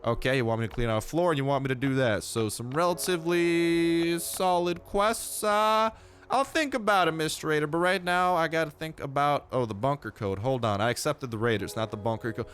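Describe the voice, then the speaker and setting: A man's voice: on the high side, a little fast, fairly bright tone. A young man in his twenties, sick, giving chatty, slangy, joking commentary over his gameplay. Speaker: gaming YouTuber.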